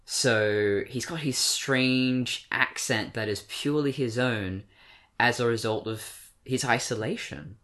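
A man's voice: fairly low pitch, fairly bright tone. A man in his twenties with an English accent, talking in casual discussion, rambling with many fillers and self-corrections. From born in Britain, raised in Australia. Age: 20s. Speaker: podcast co-host.

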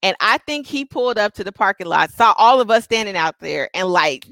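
A woman in her thirties telling a story in casual chat, profane and animated, acting out what people said. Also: medium pitch, fairly quick, no room sound. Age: 30s. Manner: animated, profane, acts out quotes. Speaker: podcast co-host.

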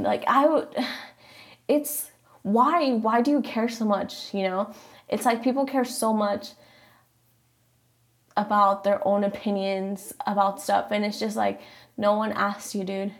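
A young woman whose first language is Spanish vents in a casual vlog rant, blunt, exasperated and quick to swear. Her mid-range voice drops into a gravelly fry at the ends of phrases. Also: medium pitch, fairly even intonation. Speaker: vlogger.

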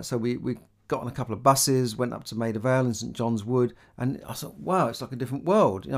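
In a darkish tone, a middle-aged Londoner with a Cockney accent, who hosts money advice, talks casually about money and opportunity. His pitch is a typical male middle, and his chatty, rambling delivery is peppered with restarts and "you know."

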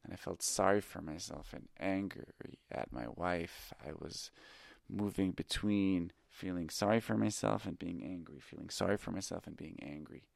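A man's voice: low voice, moderate pace, vocal fry, hardly any pauses, no echo, studio quality. A middle-aged man who teaches improv tells a personal story in a reflective, candid and self-critical way. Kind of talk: confessional storytelling.

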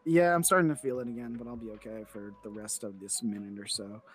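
A man's voice: fairly low pitch, steady tone, fast, slightly rough. A man co-hosting a casual nerd-news podcast, rambling, laughing and trailing off mid-sentence. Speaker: podcast co-host. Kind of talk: casual chat.

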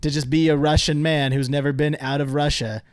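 Animated jokey man, dry close sound. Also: a little high, brisk, no echo. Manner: animated, jokey, acts out quotes loudly. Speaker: podcast co-host. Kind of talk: casual movie-review chat.

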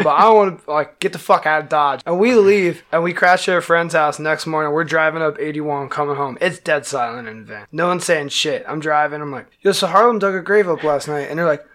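A male band musician with a voice on the high side tells a wild story in casual, profane language. He acts out the quotes loudly as he goes.

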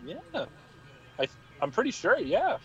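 A man's voice: extremely high pitch, huge pitch swings, measured pace, vocal fry, sharp tone, muffled recording. A young man co-hosting a wrestling podcast in casual chat, rambling and laughing often as he talks. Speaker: podcast co-host.

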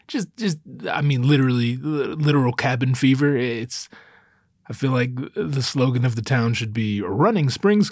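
Guy hosting his podcast, bit out of breath, swears a lot, rambly dark jokes, mid pitch, dry mic. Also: no echo. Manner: profane, rambling, darkly self-mocking. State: a little out of breath. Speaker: podcast host. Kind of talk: casual solo podcast monologue.

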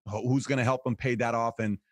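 A male host who keeps restarting his sentences as he works toward a question. His voice sits at a middle pitch. The sound is close and dry, with no room echo. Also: fairly even intonation, fast talker. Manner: hesitant, restarts, fillers. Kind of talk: casual debate chat.

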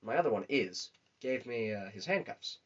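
A man's voice: on the low side, animated, normal speed, a bit bright. A young man chatting casually on a podcast, telling rambling, crude, profanity-laden stories. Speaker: podcast co-host. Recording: dull lo-fi recording.

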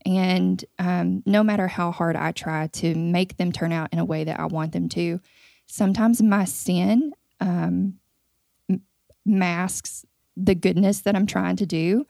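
A woman guest who is a mother, speaking thoughtfully with "um" pauses. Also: on the low side, fairly even intonation, creaky, warm tone, dry recording, clean studio sound. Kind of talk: reflective conversation.

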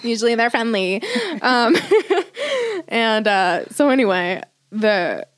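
A woman's voice: fairly high pitch, sing-song, slow, smooth. Woman, podcast co-host, casual rambling storyteller, curses a lot. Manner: rambling storytelling, swears freely. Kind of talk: casual chat.

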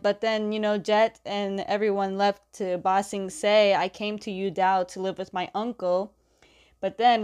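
A woman's voice: mid-range voice, clear, resonant tone. A young woman casually retelling a comic book's story page by page, chatty and often laughing as she quotes the characters in passing. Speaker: comic book recapper.

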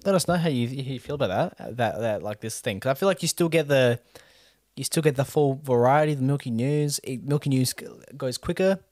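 A man's voice: medium pitch, fairly quick, darkish tone. A young man chatting casually as a podcast co-host, with a plain mid-range voice. He hesitates a lot and trails off before finishing his thoughts. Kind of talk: casual chat.

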